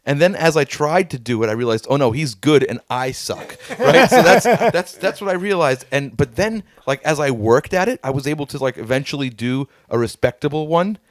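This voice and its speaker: A man's voice: fairly high pitch, lively intonation, moderate pace, few pauses. A man hosting a casual band podcast, talking in a curious, rambling way with lots of fillers. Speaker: podcast host and band guitarist. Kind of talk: casual chat.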